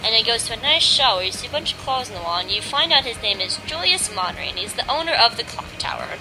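A woman's voice: fairly high pitch, expressive, fast, rough recording. A young adult woman hosting a podcast, retelling a story in a bubbly, chatty way full of filler words. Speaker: podcast host. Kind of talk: casual review chat. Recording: music playing behind.

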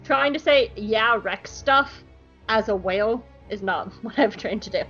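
A woman co-hosting a podcast, recapping an episode in an animated, profane, joking way. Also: a little high, measured pace, dull audio, soft background music. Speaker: podcast co-host.

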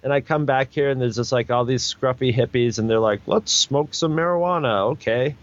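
In dull audio, a medium-pitched man speaking fairly quickly rambles through a long, casual anecdote as a storyteller guest. He restarts often, fills gaps with fillers, and performs other people's lines in raised voices.

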